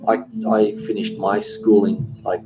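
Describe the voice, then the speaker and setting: A fairly low, flat voice belongs to an Australian man in his forties who hosts a cooking channel, speaking a little slowly. On his live stream he chats casually, reads out comments from viewers, and keeps restarting his sentences. The stream audio is dull and lo-fi, with music in the background.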